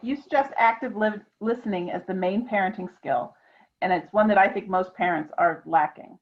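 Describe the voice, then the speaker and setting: A woman's voice: mid-range voice, normal speed. Woman interviewer on dull lo-fi audio. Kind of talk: interview questions.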